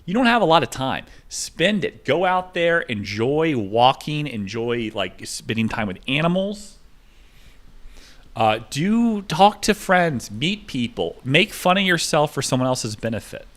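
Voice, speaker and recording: A man's voice: mid-range voice, very animated, normal speed, fairly bright tone. A young man talking in a rambling, digressive monologue, jumping from topic to topic as he tells stories. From United States.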